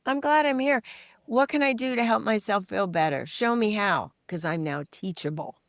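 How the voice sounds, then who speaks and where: A middle-aged woman, a guest in a podcast interview, telling frank stories with animated acted-out voices and casual swearing. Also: mid-range voice, normal speed, no echo, clean studio sound. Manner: animated storytelling, acting out quoted voices. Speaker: guest, recovery mentor and author. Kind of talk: candid interview conversation.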